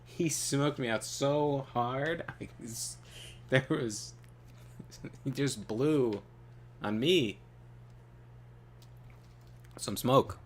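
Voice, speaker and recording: A gaming channel co-host tells a story while playing, his mid-range voice very slow with frequent pauses and a little hiss or hum in the audio. He's animated and loose, laughing often and swearing casually.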